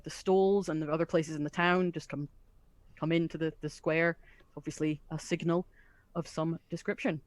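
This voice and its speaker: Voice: medium pitch, no echo. Gm narrating a tabletop game, chatty, lots of ums, dry mic. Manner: descriptive and chatty, with frequent fillers and laughter. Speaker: game master.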